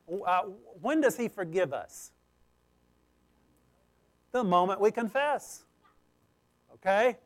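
High-voiced man preaching emphatically. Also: animated, takes it slowly, pauses often. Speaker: pastor. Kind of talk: sermon.

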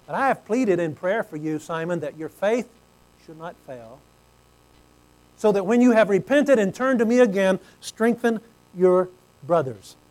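High-voiced man preaching a sermon. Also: animated, measured pace, low-quality recording. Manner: earnest, swings from loud exclamations to hushed low tones.

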